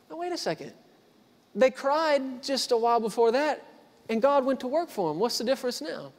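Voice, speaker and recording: A man in his thirties preaches with a notably high voice, hammering home repeated lines and rising from hushed to loud. The sound rings with the long reverb of a big hall. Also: animated, normal speed. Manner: emphatic repetition, swings from quiet to loud. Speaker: pastor. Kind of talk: sermon. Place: church hall.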